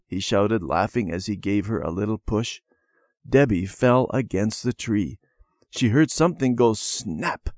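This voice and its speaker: A man narrating a children's storybook lesson in an expressive way. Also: on the low side, normal speed, dry recording, clean studio sound.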